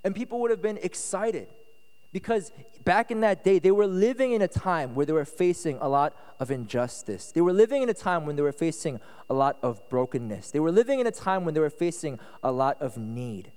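A man preaching a casual, conversational sermon as pastor at a retreat, relaxed and chatty, often checking that listeners follow. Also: a little high, fairly quick. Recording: echoey hall reverb.

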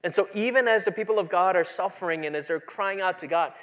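A pastor preaching a sermon, moving between quiet, low asides and loud, emphatic passages. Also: male voice, fast, dull audio.

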